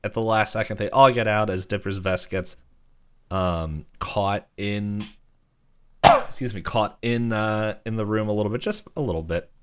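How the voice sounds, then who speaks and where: A man's voice: on the low side, a little slow, a bit bright, a little hiss or hum. A young man co-hosting a podcast, recapping a cartoon episode in a loose, rambling way, filling with "like" and acting out characters' lines. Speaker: podcast co-host.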